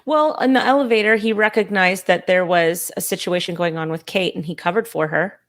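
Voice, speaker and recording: A woman co-hosting a podcast in casual chat, quick to interject and laughing often. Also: fairly low pitch. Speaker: podcast co-host.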